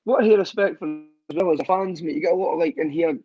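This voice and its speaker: A Scottish man, a footballer guest, telling lively, profane stories in a casual podcast chat. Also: a little high, fast talker, no echo, dull audio, faint music behind. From Scotland. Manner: lively storyteller, swears, laughs often.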